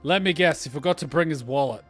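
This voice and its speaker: A man's voice: fairly high pitch, fast, a bit bright, soft background music. A man commentating a game playthrough, sarcastic and joking, swearing often in exasperation. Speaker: game reaction streamer. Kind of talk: casual gameplay commentary.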